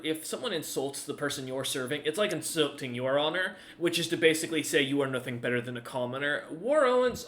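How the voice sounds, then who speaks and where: A man narrating a fantasy tabletop game as its game master, stopping and restarting his sentences with frequent ums. His voice is bright and sits a bit high for a man. The delivery is loose and improvised. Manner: halting, full of ums and restarts.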